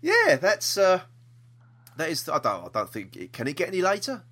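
A man's voice: a little high, wildly swooping pitch, moderate pace, pushed and bright. A man co-hosting a podcast, talking in a chatty, jokey, rambling way. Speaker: podcast co-host. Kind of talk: casual chat.

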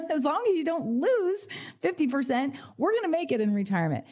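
Woman, financial advisor, radio talk host, mellow tone, energetic storyteller. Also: sits high, brisk. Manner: energetic storyteller, acts out client voices.

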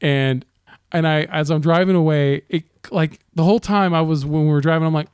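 A man's voice: on the high side, steady tone, a little fast, a little mellow, smooth, dry recording, clean studio sound. A man in casual podcast chat, telling rideshare driving stories with lots of swearing and laughter. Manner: profane, laughing storyteller.

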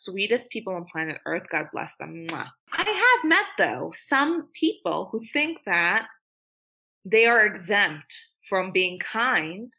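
A woman's voice: mid-range voice, sharp tone. A young woman attorney speaking as a guest in a podcast interview, blunt and emphatic, swearing freely. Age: young adult.

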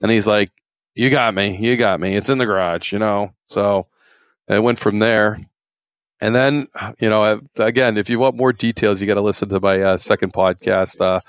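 A man's voice: on the low side, dry recording, clean studio sound. A man, a former game warden, telling stories in a rambling, folksy way with many fillers. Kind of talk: casual storytelling interview.

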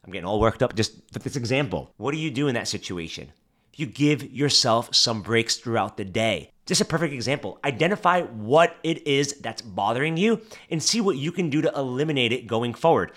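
A man's voice: mid-range voice, animated, brisk, a bit bright. A man hosting a motivational podcast, talking straight to the listener and repeating phrases for emphasis. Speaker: podcast host.

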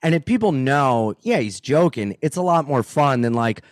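A man, a comedian guest, in casual podcast chat, animated and profane, acting out quotes in loud voices. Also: medium pitch, normal speed, no room sound, studio quality.

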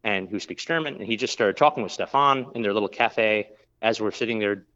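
A man's voice: fairly low pitch, a little fast, fairly bright tone, highs cut off. A man who works as a brewer, telling a long story in a casual interview, rambling with lots of fillers and restarts.

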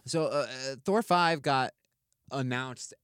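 A man hosting a casual podcast, excitable and swearing freely, with lots of fillers. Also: mid-range voice, slow, smooth, dry recording, clean studio sound. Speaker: podcast host. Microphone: studio mic.

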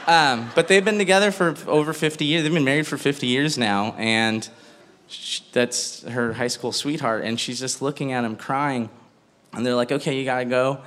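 A man's voice: mid-range voice, a bit bright. A man doing stand-up, chatty and telling a family story while laughing through his own punchlines. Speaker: stand-up comedian.

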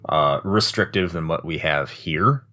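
A man's voice: extremely low pitch, measured pace. A man co-hosting a casual podcast, blunt and crude-humored. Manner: blunt and crude, with animated delivery. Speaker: podcast co-host. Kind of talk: casual chat.

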